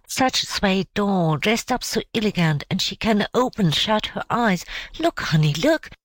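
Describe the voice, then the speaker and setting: A woman's voice: medium pitch, animated, normal speed, dry recording, natural voice. A woman reading an audiobook, voicing a poor, loving mother. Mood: fond. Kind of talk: storybook character voice.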